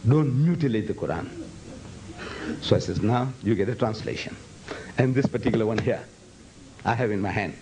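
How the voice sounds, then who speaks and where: A man's voice: lowish voice, normal speed, pauses often, a little mellow, a little hiss or hum, low-quality recording. A man giving a public lecture to students. He speaks emphatically, repeats phrases for effect and breaks into Arabic recitation. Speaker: Islamic lecturer.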